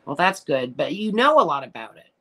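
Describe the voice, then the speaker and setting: A middle-aged woman chats on her livestream and answers viewers bluntly, swearing freely and getting emotional. Her voice sits fairly low but swings widely up and down as she talks. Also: fairly bright tone. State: tearful at times. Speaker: livestream host reading viewer comments. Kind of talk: casual live chat.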